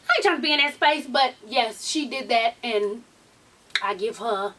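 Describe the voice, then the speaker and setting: A middle-aged woman vlogger in casual chat, talking in an animated, sassy, profane way, a little off the mic. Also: on the high side, normal speed, distant mic.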